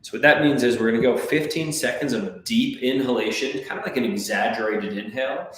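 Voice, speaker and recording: A man coaching a breathwork class, calmly counting and giving gentle step-by-step cues. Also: mid-range voice, a little fast. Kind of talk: guided breathwork class instruction. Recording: very echoey room.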